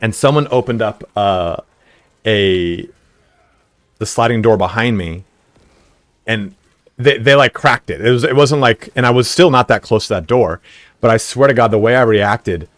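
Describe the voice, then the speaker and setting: A man's voice: fairly low pitch, normal speed, long pauses, fairly bright tone, no echo, clean studio sound. A man streaming a game live, telling a rambling story full of fillers, swearing and laughs. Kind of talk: casual storytelling while gaming live.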